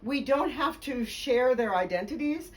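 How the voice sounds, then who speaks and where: A woman's voice: sits high, lively intonation, unhurried, recorded from a distance, poor audio. A woman biographer telling stories in a conversation, speaking fluently and with emphasis. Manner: fluent, emphatic, laughs along. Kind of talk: conversational storytelling interview.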